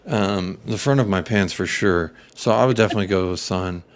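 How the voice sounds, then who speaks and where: A man's voice: low voice, a little fast. A man co-hosting a casual late-night fan chat, rambling and making crude jokes. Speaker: podcast co-host.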